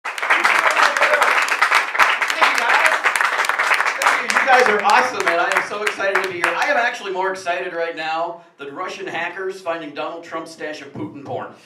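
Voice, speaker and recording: A man's voice: high-pitched, moderate pace, pauses often, over a noisy crowd, very noisy. A man doing punchy, upbeat stand-up comedy on a small café stage, recorded from a distance in an echoey room with the audience around him.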